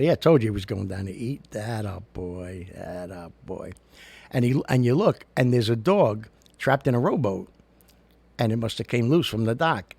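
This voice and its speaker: A man's voice: mid-range voice, creaky, darkish tone, breathy edge, dry recording. A man hosting a casual talk show, chatting in a loose, jokey way with an American accent and lots of fillers. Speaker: show host.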